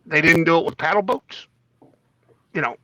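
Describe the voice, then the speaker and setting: Bright, slightly high man, dry close mic. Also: moderate pace, no echo. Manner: joking, reads topics off a list. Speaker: podcast co-host. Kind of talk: casual chat.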